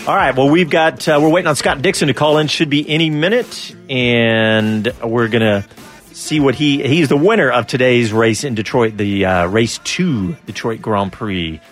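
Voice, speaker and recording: A man's voice: mid-range voice, moderate pace, faint music behind. A man co-hosting a sports radio show, chatting casually about racing and laughing easily between rambling restarts.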